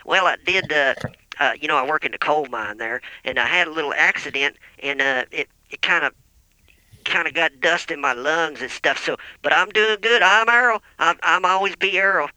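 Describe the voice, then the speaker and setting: A man voicing Earl, a folksy male coal miner turned weatherman, through a pitch-shifted effect, calling in on a noisy line. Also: moderate pace, pushed and bright, smooth, no room sound. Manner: folksy, keeps repeating his own name. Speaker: caller doing the weather.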